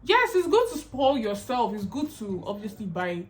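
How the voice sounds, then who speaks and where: A woman's voice: fairly high pitch, big pitch swings, normal speed, soft background music. A young woman talking casually to camera in an advice vlog, chatty and emphatic, often repeating herself. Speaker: YouTube vlogger.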